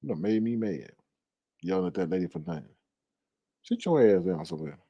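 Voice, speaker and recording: A man hosting casual reaction commentary, teasing and animated, breaking into laughs and drawn-out exclamations. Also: deep voice, husky, dry recording, muffled recording. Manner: drawn-out exclamations like "Lord have mercy". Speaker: commentary channel host.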